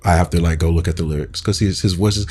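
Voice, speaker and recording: A man's voice: sits low, steady tone, fast, a little mellow, husky. A man co-hosting a podcast in a laid-back, casual chat, laughing often. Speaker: English teacher and podcast co-host.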